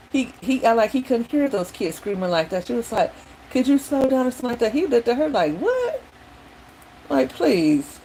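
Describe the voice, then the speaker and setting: A woman talking casually to her viewers while taking out her braids. She rambles through her opinions and gets animated when she retells what happened. Her voice sits at an ordinary middle pitch, with a faint hiss underneath. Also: rough recording. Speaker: vlogger. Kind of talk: casual chat while doing her hair.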